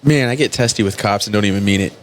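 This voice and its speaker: A man's voice: lowish voice, fast talker, a little hiss or hum. Profane storytelling man on a podcast. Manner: profane, animated, acts out both sides of his stories. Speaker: podcast host. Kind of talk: casual storytelling chat.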